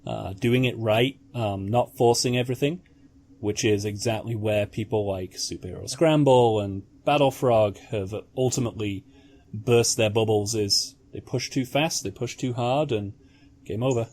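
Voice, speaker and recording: A man's voice: on the low side, normal speed, a little mellow. A man hosting a casual podcast, chatting loosely and upbeat with co-hosts. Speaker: podcast host.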